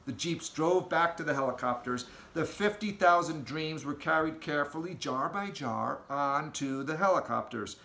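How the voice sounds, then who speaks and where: A man reading a children's storybook aloud with an expressive, storytelling delivery, in an echoey room. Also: fairly high pitch, normal speed, vocal fry, hardly any pauses. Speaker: audiobook reader.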